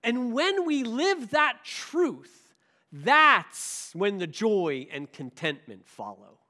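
A man's voice: very high-pitched, big pitch swings, slow pace, bright, forceful tone. A male pastor preaching a sermon, emphatic and full of rhetorical questions.

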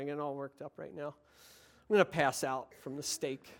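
A man preaching a sermon with passion, moving from quiet, reflective passages into excited, emphatic ones. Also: fairly high pitch, a little fast, gravelly.

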